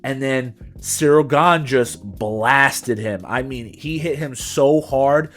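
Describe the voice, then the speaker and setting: A man's voice: mid-range voice, takes it slowly, fairly bright tone, soft background music. A young man co-hosting a podcast, recapping fights in casual, slangy chat and adding his own punch sound effects. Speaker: podcast co-host.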